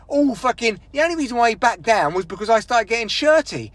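A man rants alone into the mic on his podcast, swearing constantly and flaring into shouts. His voice sits very high for a man, and the sound is bone-dry and close with no room around it. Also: fast talker, hardly any pauses, no echo. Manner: angry, sweary rant with bursts of shouting. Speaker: podcast host. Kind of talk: solo ranting podcast monologue.

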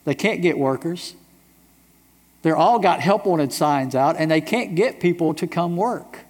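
A man's voice: on the high side, animated, measured pace, a little mellow. A middle-aged man from the United States preaching a sermon as pastor, emphatic, with repeated rhetorical questions. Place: church sanctuary. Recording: long reverb of a large church hall.

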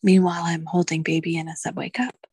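A woman in her thirties speaks with a low, husky voice with a gravelly edge. She recounts her experience in an emotional, halting way, restarting her sentences. The sound is close and dry. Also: little pitch movement, darkish tone, no room sound. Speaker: podcast guest, doula. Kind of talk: candid personal storytelling.

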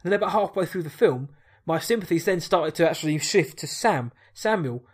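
A man's voice: a little high, lively intonation, brisk, husky. A man co-hosting a casual film discussion, chatty, with stumbling restarts.

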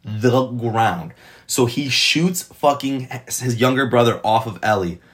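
A man casually reviewing a TV episode, retelling scenes in an excited, rambling way full of swearing. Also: mid-range voice, slow. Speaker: TV show reviewer.

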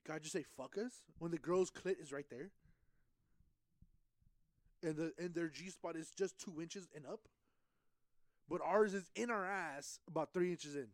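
A man's voice: on the high side, measured pace, long pauses, no room sound. A young man in casual podcast chat, telling a profane story with lots of laughter and slang. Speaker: podcast co-host.

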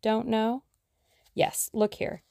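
A woman voicing a lively, impatient young woman sleuth in an audiobook, brisk and plucky. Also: fairly high pitch, creaky, no echo, studio quality, pitched above the performer's own voice. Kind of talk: audiobook character reading.

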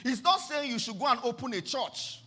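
High, lively Nigerian male preacher. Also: brisk. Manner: emphatic preaching with sudden swings between loud and soft, sing-song phrasing. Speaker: pastor. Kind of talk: sermon.

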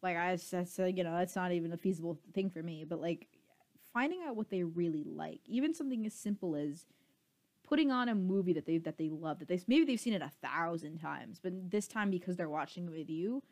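A woman's voice: fairly low pitch, lively intonation, brisk, darkish tone. A woman in her twenties, a podcast co-host in casual chat, rambling and laughing often and poking fun at herself. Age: 20s.

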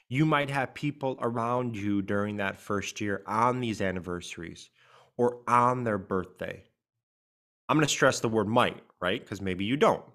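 A man's voice: mid-range voice, expressive, normal speed, fairly bright tone. A man co-hosting a podcast as a grief coach, talking in an earnest, emphatic way and stressing key words. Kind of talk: podcast conversation.

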